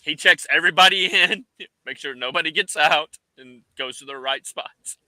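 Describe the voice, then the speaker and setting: A man with a fairly high, very bright voice answers questions in a loose, casual chat, laughing often as he talks. The recording is dry and close. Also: moderate pace, no room sound. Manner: laughs often mid-sentence.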